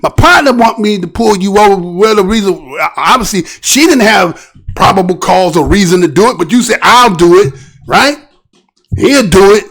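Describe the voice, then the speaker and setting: High-pitched, animated male commentary host. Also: moderate pace, slightly rough. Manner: animated, preachy, rhetorical questions. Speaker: show host. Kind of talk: commentary on a news video.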